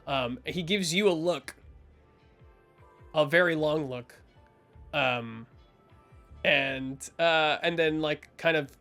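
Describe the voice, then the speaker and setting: A man's voice: fairly high pitch, slow pace, pauses often, pushed and bright, soft background music. A man narrating as game master in a rambling way, full of fillers and restarts.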